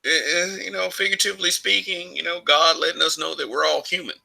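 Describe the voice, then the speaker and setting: A man's voice: on the high side, fairly even intonation, fast talker, creaky, pushed and bright, rough recording. A man from Alabama giving his opinions in a casual vlog monologue, rambling, restarting phrases and chuckling often. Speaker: vlogger.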